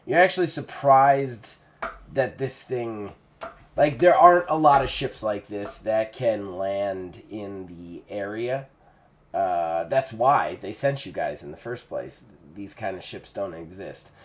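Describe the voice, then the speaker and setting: Man narrating as game master, loose and rambling. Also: on the low side. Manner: loose, rambling narration with many fillers and quick character voices.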